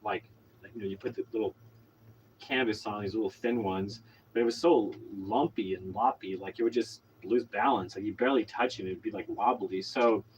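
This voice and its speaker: A man's voice: medium pitch, dull audio. Oklahoma guy rambling thru a story, lots of likes and you knows, faint noise behind. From Oklahoma, USA. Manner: rambling, many fillers and restarts. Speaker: vlogger. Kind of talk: casual storytelling monologue.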